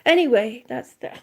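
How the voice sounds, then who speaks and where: A high-voiced, breathless woman chats slowly and easily with viewers on her livestream, her warm tone carrying unhurried, looping sentences. She trails off and starts over while reading comments and greeting people one by one.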